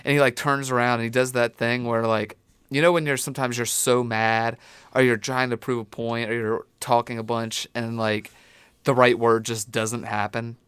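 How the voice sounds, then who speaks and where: A man co-hosting a casual sports podcast who tells rambling, animated stories. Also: mid-range voice, normal speed, clean tone, dry recording. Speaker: podcast co-host.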